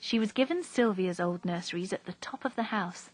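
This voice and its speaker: A woman reading a story aloud in a steady, even narrating voice. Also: medium pitch, fairly quick, dry recording, rough recording. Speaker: reader.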